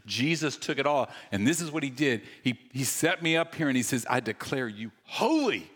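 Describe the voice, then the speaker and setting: Animated male pastor in a ringing hall. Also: medium pitch, husky. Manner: animated, self-deprecating, quick bursts of humor. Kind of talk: sermon. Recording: long reverb of a large hall.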